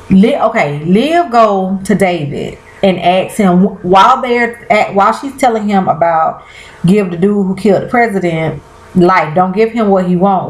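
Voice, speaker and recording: A woman's voice: on the low side, slight background noise. Chatty woman recapping a TV episode. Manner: chatty, colloquial, addresses viewers as y'all; animated, trails off and restarts often. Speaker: TV show recapper. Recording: roomy echo.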